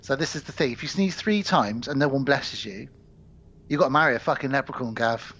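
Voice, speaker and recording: A man co-hosting a podcast, retelling a film plot in animated, sweary casual chat. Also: medium pitch, a little fast, lo-fi sound. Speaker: podcast co-host.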